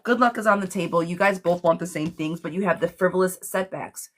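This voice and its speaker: A woman's voice: fairly low pitch, fairly quick. A woman giving a live-streamed tarot reading in a chatty, blunt way, speaking straight to the viewer. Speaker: tarot reader.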